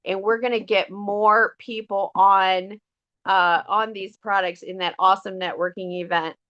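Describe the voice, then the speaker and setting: A woman's voice: medium pitch, steady tone, measured pace, a bit bright. A middle-aged woman, talking casually and earnestly to her sales team, with many fillers and restarts. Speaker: direct sales team member. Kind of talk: casual motivational talk. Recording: dull lo-fi audio.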